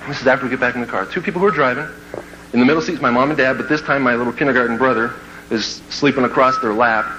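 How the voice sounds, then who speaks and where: A man telling a comic personal story to a live audience, playful and lively, breaking into shouts and laughter. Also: medium pitch, very fast, a little hiss or hum, rough recording. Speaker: motivational speaker.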